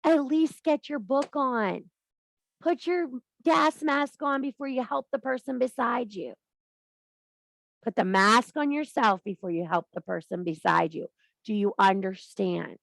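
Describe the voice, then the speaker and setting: In a fairly high, somewhat bright, gravelly voice, a woman who teaches spirituality lectures the camera at a measured pace with no room sound. She addresses the viewer head-on, preachy and forceful, cursing freely throughout her talk.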